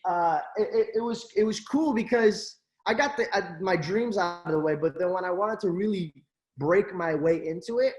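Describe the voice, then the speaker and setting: This young interview guest, an actor and social media creator, speaks at normal speed in a high voice, and the room is echoey. His casual storytelling is animated, full of fillers, with quotes he acts out.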